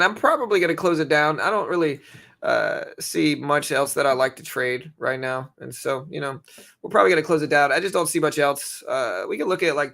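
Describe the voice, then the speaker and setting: Slightly high and gravelly, this young man's voice carries a live trading stream. His chatter is loose and casual, packed with fillers and repeated phrases, and he keeps hiccuping as he goes.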